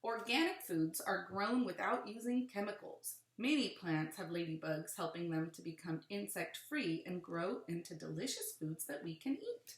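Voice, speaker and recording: Teacher reading aloud in an echoey room. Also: female voice, medium pitch, lively intonation, normal speed. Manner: adds friendly asides to young pupils. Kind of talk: reading a picture book aloud to children.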